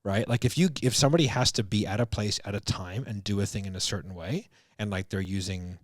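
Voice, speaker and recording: A fast-talking business coach in his thirties, on a podcast as a guest, shares casual stories with plenty of swearing and laughter, acting out quotes and dropping "like" and "bro." His voice is lowish, and the studio recording is dry.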